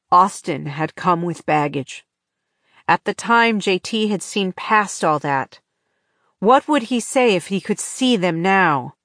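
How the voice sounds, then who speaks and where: A woman narrating an audiobook in measured, even storytelling on a close microphone. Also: fairly low pitch, no room sound. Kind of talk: scripted narration.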